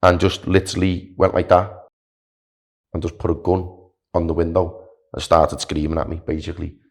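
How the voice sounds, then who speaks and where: A young man, a podcast guest, telling a story in a chatty, animated way, full of "like" and "do you know what I mean". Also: low voice, normal speed. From Wales. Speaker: podcast guest, long-distance walker. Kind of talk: casual storytelling.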